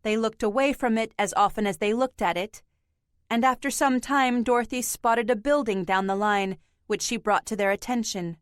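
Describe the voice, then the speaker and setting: Woman audiobook narrator, slow careful reading, bit high voice, super dry close mic. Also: clean tone, no room sound. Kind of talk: scripted narration.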